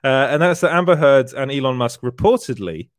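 A man hosts a relaxed livestream, chatting through viewer comments and laughing often as he rambles. His voice sits at an ordinary middle pitch, and the sound is dry and close, with no room echo. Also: brisk. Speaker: livestream host, entertainment journalist. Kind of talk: casual livestream chat reading viewer comments.

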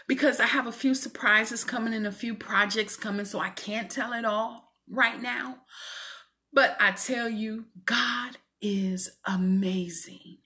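A woman's voice: fairly high pitch, sharp tone. A woman minister giving a fervent, preacherly faith testimony to women viewers from her home. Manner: fervent, preacherly, calls listeners "y'all".

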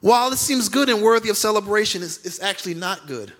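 A man's voice: high voice, expressive, fast talker, fairly bright tone. A male pastor preaching a sermon emphatically, repeating key lines and acting out quoted voices.

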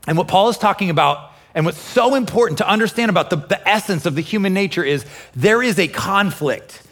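A pastor preaching a lively sermon, acting out inner voices and quoting scripture with feeling. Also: male voice, sits high. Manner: animated, acts out inner voices and quotes. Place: church, also streamed online.

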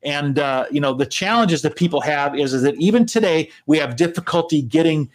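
A man with a fairly high voice hosts a live business broadcast in a loose, conversational way. He talks straight to his viewers and often stops and repeats himself with fillers. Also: a little fast, rough recording. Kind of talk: casual conversational talk to viewers.

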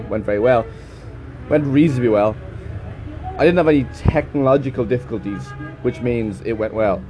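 A man's voice: mid-range voice, dark tone, slight background noise. A man who teaches English, talking in a chatty, rambling vlog monologue and swearing freely.

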